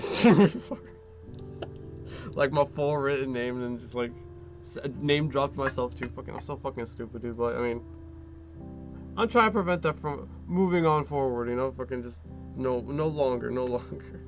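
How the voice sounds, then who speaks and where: A male streamer rambles in casual chat, dropping curse words and fillers as he works on a model kit at home. His voice sits in a middle register and sounds slightly muffled. Soft guitar music plays quietly behind him. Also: mid-range voice. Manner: rambling, swears often, many fillers.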